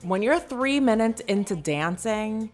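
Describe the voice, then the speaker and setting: A woman's voice: medium pitch, animated, measured pace, soft background music. A woman hosting a casual commentary show, chatty and hedging, often laughing as she talks. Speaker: podcast host.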